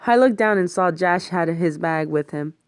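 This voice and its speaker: This is first-person thriller narration by a woman audiobook reader, who voices the supporting characters and curses when the action heats up. She sounds lively, lowish and smooth at a normal speed, captured as a dry, clean studio recording.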